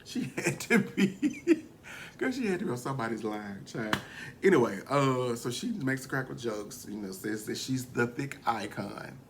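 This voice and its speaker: A man giving a casual, gossipy recap of a reality show, animated and quick to laugh as he tells it. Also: mid-range voice, a little hiss or hum. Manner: gossipy and animated, often laughing, slips into quoting.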